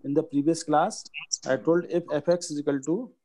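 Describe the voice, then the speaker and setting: A man, teaching a maths lesson and dictating each step slowly. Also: fairly high pitch, fairly even intonation, mellow, rough recording.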